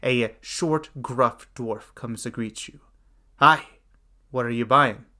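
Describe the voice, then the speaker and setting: A young man as host and dungeon master, giving an animated lesson on character voices and demonstrating them. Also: takes it slowly. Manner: animated, shifts pitch and loudness to demonstrate voices. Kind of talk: instructional talk with voice demonstrations.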